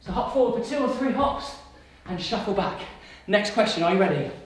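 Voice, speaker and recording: A man's voice: high-pitched, expressive, a little fast, noisy background. A man coaching a kids' workout, upbeat and encouraging, calling out countdowns and cues between quiz questions. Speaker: fitness coach. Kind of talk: kids workout instruction with quiz. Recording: very echoey room, mic far off.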